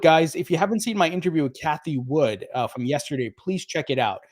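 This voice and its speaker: A man's voice: on the high side, brisk, no echo. Chatty New Jersey man hosting a livestream. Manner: upbeat, chatty, greets viewers by name with filler ums. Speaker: crypto livestream host. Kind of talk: casual livestream chat reading viewer comments.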